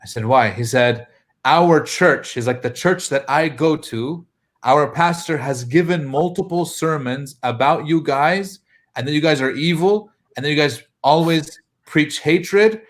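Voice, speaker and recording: A man's voice: a little high, unhurried. A man from the United States, a mosque imam, telling anecdotes casually in a panel talk, chuckling now and then.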